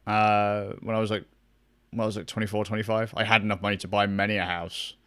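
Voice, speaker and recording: A man's voice: on the low side, little pitch movement, fast, sharp tone, clean tone. A young man chatting casually with his stream viewers, rambling, swearing a lot and laughing often. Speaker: gaming streamer.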